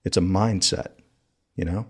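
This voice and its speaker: A South Carolina man hosts a podcast, telling a story in a relaxed, conversational way, as if recounting a trip with friends to his listeners. His voice is low and husky, and he talks a little slowly.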